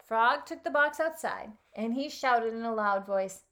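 A health coach with a slightly high female voice reads a children's story aloud at a measured pace. Afterward she comments on it animatedly, laughing often.

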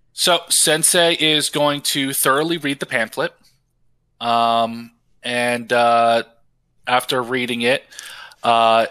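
A man's voice: mid-range voice, bright, forceful tone, clear, resonant tone. A man playing a tabletop game, describing his character's actions with hesitant fillers. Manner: unhurried, hesitant. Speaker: player.

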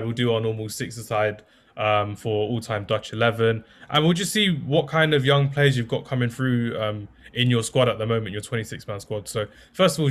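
A man hosting a casual football podcast, chatty and self-deprecating, with many fillers. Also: medium pitch. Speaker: podcast host.

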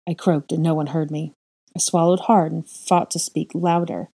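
Low, mellow woman narrating a story. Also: level tone, normal speed, breathy edge. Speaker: audiobook reader. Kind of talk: first-person fan fiction narration.

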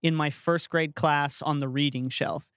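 Male co-host, higher voice, smooth tone, dry close mic, lively casual storytelling. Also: unhurried, no room sound. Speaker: podcast co-host. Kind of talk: casual chat.

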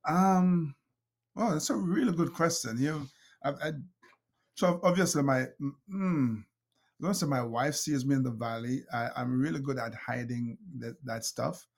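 As a guest in a storytelling conversation, a middle-aged Jamaican-accented man shares anecdotes, laughing often and using many fillers and restarts. He speaks at medium pitch, unhurried, with vocal fry.

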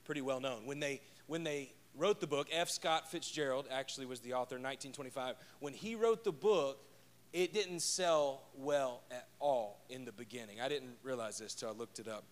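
A man's voice: mid-range voice, normal speed. A man preaching a conversational sermon as pastor, joking and telling stories from home. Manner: chatty and joking, tells personal stories.

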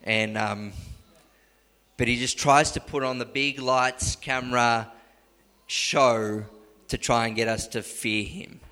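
A man preaching a sermon in an animated, conversational way, often restarting sentences. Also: medium pitch, takes it slowly, pauses often, big-room sound.

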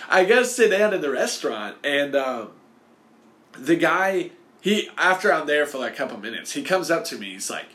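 A man telling a casual, rambling personal anecdote in an animated way, full of "like" and "you know". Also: on the high side, moderate pace.

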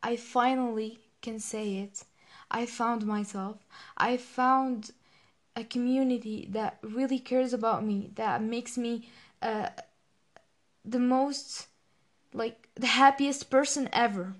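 A young woman's fairly high voice talks slowly through a personal podcast monologue. She is emotional and halting, with many pauses and restarts as she reflects. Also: fairly even intonation. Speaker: podcast host.

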